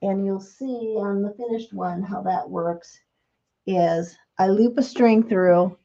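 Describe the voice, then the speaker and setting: A woman's voice: medium pitch, takes it slowly, mellow, muffled recording. A middle-aged woman hosting a live craft demonstration, chatting in a homey, explanatory way. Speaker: craft show host.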